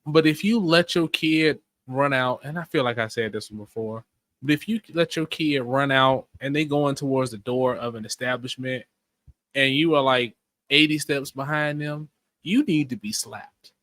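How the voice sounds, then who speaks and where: Bright-voiced laid-back man, dry sound. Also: mid-range voice, moderate pace, no echo. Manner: easygoing, wry, mild-spoken. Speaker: podcast co-host. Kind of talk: casual chat.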